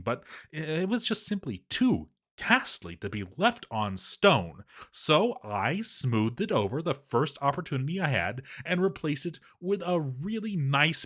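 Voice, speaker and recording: A man's voice: mid-range voice, a bit bright, full character voice. A man voicing a relentlessly cheerful, silly male dwarf writing in his diary, chirpy and fond of puns. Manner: chirpy, punning, prim.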